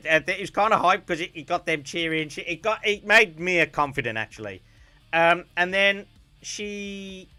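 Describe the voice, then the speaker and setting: A man chatting casually on a stream, telling a story with animated bursts of loud, laughing shouts. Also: fairly high pitch.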